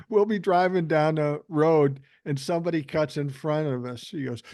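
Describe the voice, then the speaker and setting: An older man casually telling profane, animated stories as a guest on a podcast. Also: on the high side, a little slow, dry recording, studio quality. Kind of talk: casual storytelling chat.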